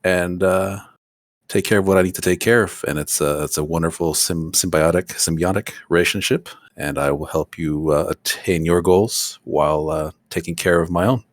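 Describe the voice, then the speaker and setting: A man's voice: low-pitched, moderate pace, dry recording, studio quality, lightly acted. A man doing an empty, emotionless character. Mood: detached. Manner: flat, empty, unemotional delivery. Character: emotionless, inhuman-sounding male character. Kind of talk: tabletop role-play, in character.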